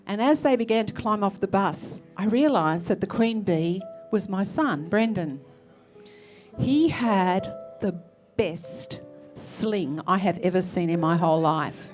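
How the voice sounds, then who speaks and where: An Australian woman telling a personal story on stage in a lively, expressive way, acting out the people she quotes. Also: mid-range voice, unhurried, soft background music. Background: faint musical accompaniment.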